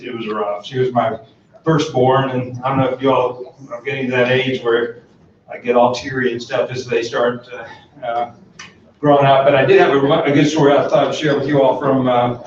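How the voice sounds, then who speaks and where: A middle-aged man with a medium-pitched voice gives a conference talk in a large conference room, telling a humorous personal story in a folksy, rambling way full of fillers and restarts. The echoey hall and distant mic give a dull sound with slight background noise.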